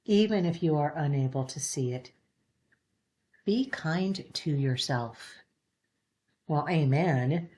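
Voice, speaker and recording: A woman with a low voice gives spiritual guidance to her listeners. She talks gently and earnestly, wandering off and circling back with restarts as she goes. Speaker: spiritual reader.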